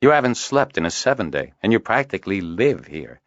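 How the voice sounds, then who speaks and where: A male audiobook reader voicing a brisk, curious man who teases a friend, in a raised, lively voice. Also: fairly low pitch, dry recording, muffled recording, voice pushed up. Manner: lively, raised voice, upbeat questions. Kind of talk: audiobook character voice.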